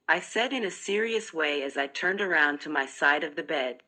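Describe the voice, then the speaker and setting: Woman, audiobook narrator, first person, low voice, bright tone, measured reading. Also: lively intonation.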